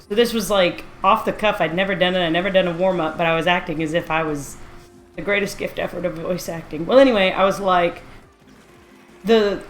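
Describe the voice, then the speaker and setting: A woman streamer telling stories in a casual, animated way, mocking herself and laughing often. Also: lowish voice, echoey room. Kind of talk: casual storytelling on a live stream.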